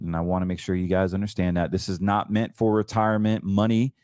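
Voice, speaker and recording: A man hosting a financial talk show, chatting casually and excitably about trades, often stumbling and restarting his sentences. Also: low-pitched, fairly quick, hardly any pauses, smooth, dry recording. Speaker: host.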